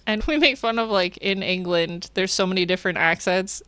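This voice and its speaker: A woman hosts a podcast with a smooth, resonant voice. She chats casually and curiously, laughing easily. The sound is dry and close, with no room around it. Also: medium pitch, pushed and bright, no room sound. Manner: curious, chatty, quick to laugh. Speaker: podcast host.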